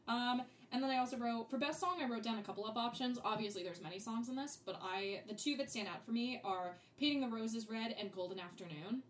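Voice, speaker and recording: A woman's voice: fairly high pitch, brisk, few pauses, slight background noise. A young adult woman co-hosting a podcast in casual chat, giggling often and quoting lines in playful voices. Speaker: podcast co-host.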